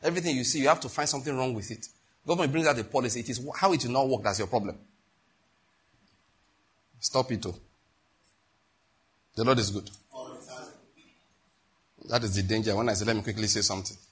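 A man's voice: medium pitch, brisk, long pauses, slightly rough. A middle-aged man with a Nigerian accent preaching a sermon, exhorting his listeners and telling stories from his own life. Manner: animated and exhorting, with storytelling asides.

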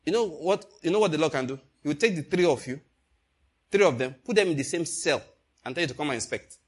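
A man's voice: on the high side, fast talker, husky. An older man preaching a sermon, telling a story and calling out questions to the congregation. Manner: storytelling, animated, calls out to the congregation.

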